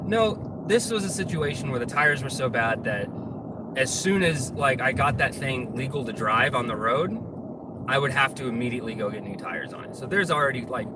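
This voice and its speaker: A man's voice: medium pitch, animated, moderate pace. Rambling, cursing man vlogging from a car. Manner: rambling, profane, gets ranty. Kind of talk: casual chat while driving. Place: inside a moving car. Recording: distant mic with loud road noise.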